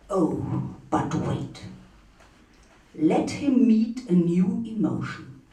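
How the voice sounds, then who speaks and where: A woman in her fifties with a German accent reads a poem to an audience at an unhurried pace, building to loud, dramatic emphasis on key lines. The sound is roomy and distant, as if caught from across a bookshop. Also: on the high side. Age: 50s. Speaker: poetry reader. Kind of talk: poetry reading. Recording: roomy, from far off the mic.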